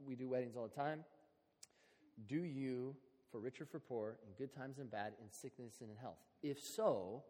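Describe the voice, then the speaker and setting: A man preaching a sermon in a relaxed, conversational, storytelling way. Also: medium pitch. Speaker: pastor. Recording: long hall reverb.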